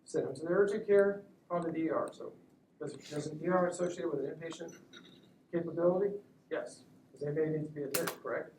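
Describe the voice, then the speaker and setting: A man gives a classroom lecture as a surgeon teaching students, keeping it conversational and checking in with "right?" after nearly every point. His voice sits a little high for a man. The recording is roomy and taken from across the room, with a faint hum of ambience behind him. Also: quick pace, darkish tone. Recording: echoey room, recorded from a distance.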